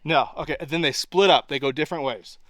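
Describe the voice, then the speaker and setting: A man's voice: fairly high pitch, quick pace, a bit bright, no echo, low-quality recording. A man telling what happened while standing outdoors in woods, rambling and pointing things out with lots of "like". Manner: rambling, full of "like" and pointing "right here". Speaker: eyewitness recounting a hunt. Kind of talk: casual on-location retelling. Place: outdoors in a wooded area.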